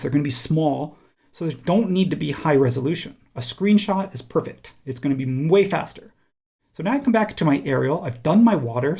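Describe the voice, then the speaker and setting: A man teaching a software tutorial, talking casually and thinking aloud while he clicks through steps. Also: fairly high pitch, gravelly. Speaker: instructor. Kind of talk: screen-recorded software tutorial.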